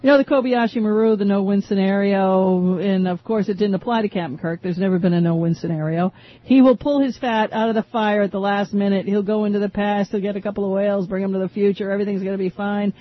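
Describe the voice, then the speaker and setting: A woman from Maine with a Maine accent, filling in as a radio talk show host, chatting casually and joking with quick asides. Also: medium pitch, fairly even intonation. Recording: dull, slightly lo-fi radio broadcast.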